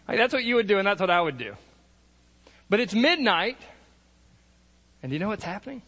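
A male pastor preaches in a relaxed, conversational storytelling style, acting out the people he quotes. His voice sits high for a man. The sound carries the long reverb of a large hall. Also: brisk, pauses often. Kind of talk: sermon, retelling Bible stories.

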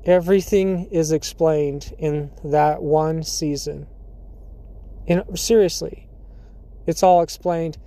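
A podcast host talking alone in a casual monologue, laughing often between thoughts and pausing with fillers and throat clearing. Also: mid-range voice, fairly even intonation, warm tone.

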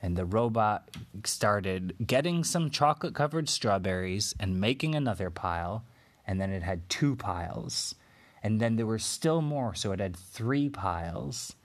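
A man spinning an improvised bedtime story for a child at a slow, unhurried pace. He speaks gently, pausing and filling gaps as he makes it up. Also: lowish voice, expressive. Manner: slow, gentle, with pauses and fillers.

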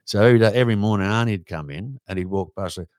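Australian man, low voice, dry sound, lively yarn-spinner, casual pub chat, breaks into silly voices. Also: racing, dry recording. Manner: animated storyteller who breaks into silly cartoon voices. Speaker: podcast co-host telling a story.

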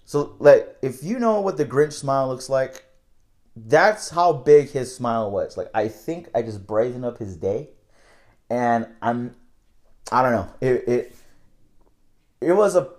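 A man's voice: medium pitch, animated, a little slow, pauses often, darkish tone. A young man telling a casual, candid story about his night-shift work, rambling and swearing freely.

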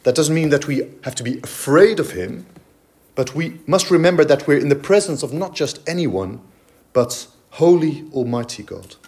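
A man's voice: on the high side, lively intonation, normal speed, darkish tone. A man preaching a sermon in a church, emphatic and explanatory, with frequent fillers and restarts. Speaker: pastor.

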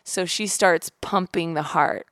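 A woman guest on a podcast, telling a personal story in an animated way and acting out the voices of the people in it. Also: fairly low pitch, a little slow, dry recording, clean studio sound. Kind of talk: casual storytelling interview.

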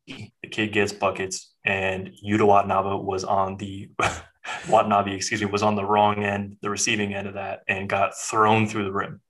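A man's voice: lowish voice, monotone, moderate pace, fairly bright tone, low-quality recording. A man co-hosting a podcast, chatting casually about sports in a laid-back, loose way. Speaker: podcast co-host.

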